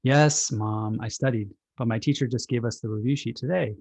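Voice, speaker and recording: A man voicing an exasperated school-age child who protests about homework before a test, with a slightly husky tone. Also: mid-range voice, fast, a little mellow, lightly acted. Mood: indignant. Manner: whiny, protesting.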